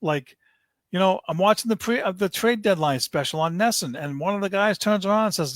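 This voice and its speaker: A man's voice: high-pitched, lively intonation, brisk, a bit bright, no echo. A man, hosting a sports podcast, launches into an angry, fed-up rant, stumbling and repeating himself as he vents. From Boston area.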